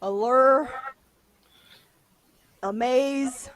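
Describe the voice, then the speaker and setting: A woman's voice: high-pitched, drawn-out words, dry recording. A woman hosting a casual chat with a friend, giggling constantly and teasing him in a bossy way, from her room at home. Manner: giggly, breaks into laughing fits, bossy teasing. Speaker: channel host. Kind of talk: casual chat over voice call.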